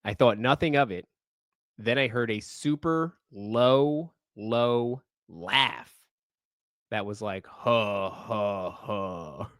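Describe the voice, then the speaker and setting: A man co-hosting a podcast, reading listener stories in casual chat, animated and profane, often laughing while he reads. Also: medium pitch, slow pace, no room sound, studio quality.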